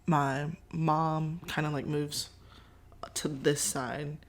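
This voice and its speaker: A woman, a podcast host telling a story in a casual, animated way and acting out other people's lines. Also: sits low, very slow. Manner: animated, voices others in quotes, Southern-style "y'all".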